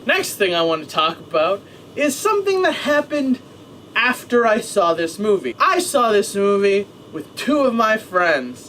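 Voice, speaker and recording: Excitable young man with a high voice. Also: a little hiss or hum. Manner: rambling, excitable. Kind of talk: casual vlog talk. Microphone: webcam.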